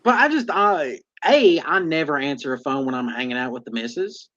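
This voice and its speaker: A man's voice: a little high, expressive, brisk, a bit bright. Laid-back man host, dull lo-fi audio. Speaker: podcast host. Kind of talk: casual chat.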